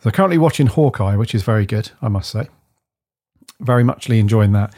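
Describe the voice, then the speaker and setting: A man from the UK co-hosting a podcast, chatting in a rambling, enthusiastic way and often letting his phrases trail off softly. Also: fairly low pitch, lively intonation, brisk. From United Kingdom. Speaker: podcast co-host. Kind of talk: casual chat.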